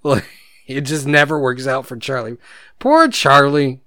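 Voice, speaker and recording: A man's voice: medium pitch, steady tone, normal speed, pushed and bright, no room sound, studio quality. A man co-hosting a casual podcast, telling rambling stories and laughing often. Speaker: podcast co-host.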